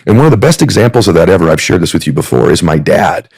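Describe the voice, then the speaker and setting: A man's voice: low voice, sing-song, fast, hardly any pauses, a little mellow, breathy edge, no room sound. A man in his fifties, a podcast guest, telling heartfelt stories in an earnest, emotional, sermon-like way. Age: 50s. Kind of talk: heartfelt storytelling.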